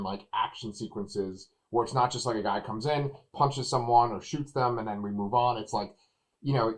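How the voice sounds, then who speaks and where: A man reviewing a movie in casual chat, animated and acting out what others said. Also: medium pitch, rough recording. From Texas. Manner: animated, acts out quotes loudly.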